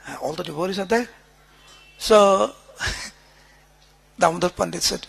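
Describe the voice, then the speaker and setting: A man's voice: high voice, measured pace, gravelly, pauses often, breathy edge. A man giving a devotional storytelling sermon on a pilgrimage, dramatic and coaxing the crowd to answer back. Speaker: speaker on a pilgrimage tour.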